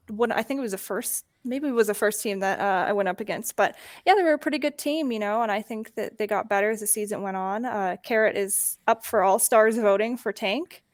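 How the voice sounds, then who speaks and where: A woman's voice: on the high side, dry recording, clean studio sound. A woman co-hosting a casual esports podcast, hesitant and filling her talk with ums and yeahs. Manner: hesitant, many fillers, giggly. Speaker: podcast co-host, player.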